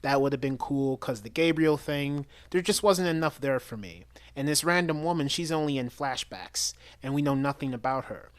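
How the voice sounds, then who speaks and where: A man's voice: mid-range voice, normal speed, hardly any pauses, no echo. A man giving a casual, enthusiastic spoken movie review, chatty and full of restarts. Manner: chatty, enthusiastic, with frequent restarts and quoted lines.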